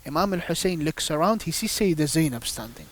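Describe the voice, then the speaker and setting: He speaks fairly quickly in an expressive, fairly high-pitched voice. A guest on a religious panel, the man tells devotional stories emphatically and asks rhetorical questions during this storytelling-based religious discussion.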